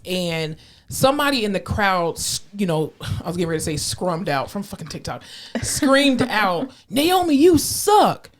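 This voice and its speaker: A young woman co-hosting a podcast, chatting casually, agreeing often and speaking emphatically with some swearing. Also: lowish voice. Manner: emphatic, supportive, frequent agreeing interjections, swears. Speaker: podcast co-host. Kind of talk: casual chat.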